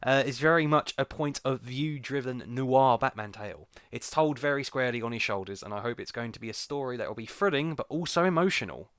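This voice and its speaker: A man's voice: mid-range voice, fairly quick, few pauses, fairly bright tone, clear, resonant tone, no room sound, studio quality. A man co-hosting a podcast, reading an article aloud with sarcastic asides. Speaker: podcast co-host.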